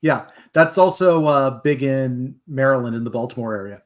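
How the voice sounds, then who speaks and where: A man's voice: medium pitch, normal speed. A man hosting a livestream, chatting casually and enthusiastically with nerdy asides. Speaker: stream host.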